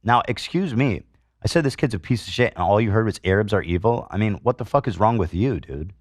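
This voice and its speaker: Deep-voiced, indignant male podcast host. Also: lively intonation, a little fast, no room sound, clean studio sound. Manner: indignant, swears, reads comments aloud with sarcasm. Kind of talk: heated commentary monologue.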